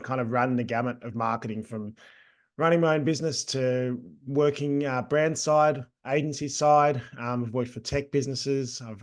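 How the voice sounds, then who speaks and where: A middle-aged Australian man getting over a cold, a guest talking about his agency in a relaxed, chatty way with many ums. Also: mid-range voice. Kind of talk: casual interview talk.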